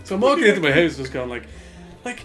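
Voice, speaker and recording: A man's voice: a little high, very animated, quick pace, fairly bright tone, faint music behind. An Irish man co-hosting a casual podcast, telling rambling anecdotes full of fillers and swearing. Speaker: podcast co-host. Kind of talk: casual chat, storytelling.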